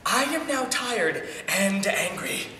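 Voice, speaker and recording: A man's voice: high-pitched, lively intonation, slow pace, sharp tone, a little hiss or hum, full character voice. A young man playing an exasperated young husband and tired lawyer in a stage comedy, performing theatrically and often laughing. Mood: weary. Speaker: student actor. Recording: echoey hall from far off.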